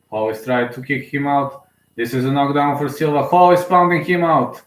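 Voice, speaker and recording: Young man, excited fan commentary on a fight, repeats lines, roomy echoey sound. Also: medium pitch, normal speed. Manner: excitable, emotional, repeats himself. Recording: roomy echo.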